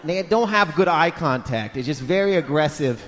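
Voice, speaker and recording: Exasperated stand-up man, high voice. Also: moderate pace, long reverb tail, a faint crowd. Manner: animated, exasperated, jumps into shouted impressions. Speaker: stand-up comedian. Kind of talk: stand-up comedy. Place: comedy club stage.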